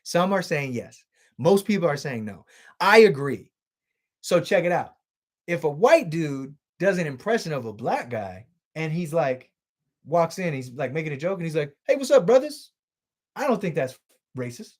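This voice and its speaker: Lively, loose-talking male streamer. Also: on the high side, normal speed. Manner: loose and profane, reads out chat comments. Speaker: livestream host. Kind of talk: casual chat with stream viewers.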